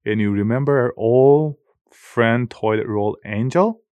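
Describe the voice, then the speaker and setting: A loving old toy pig speaks softly and soothingly, lifted a little above his reader's own voice. A man plays him in a storybook reading. The sound is close and dry. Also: mid-range voice, measured pace, smooth, no room sound, highs cut off, natural voice. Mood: comforting. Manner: soft, comforting. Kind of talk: audiobook character voice.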